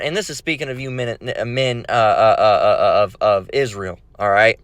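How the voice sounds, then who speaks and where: A man's voice: lowish voice, expressive, a little fast, fairly bright tone, dry recording. Blunt, profane man ranting as a preacher. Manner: blunt and profane, many fillers and restarts. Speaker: bible preacher. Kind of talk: casual preaching rant.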